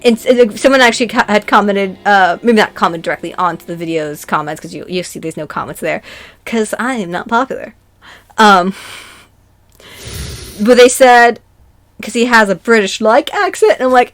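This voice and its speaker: A woman's voice: mid-range voice, expressive, normal speed. An American woman hosting a casual chat, rambling and self-deprecating, with lots of fillers. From United States. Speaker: host.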